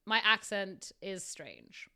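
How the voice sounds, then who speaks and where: A woman's voice: medium pitch, expressive, slow pace, pushed and bright, smooth. A woman with a South African accent, reading her own story aloud on a podcast and stopping often to chat and laugh. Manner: chatty, laughs often, breaks off to comment.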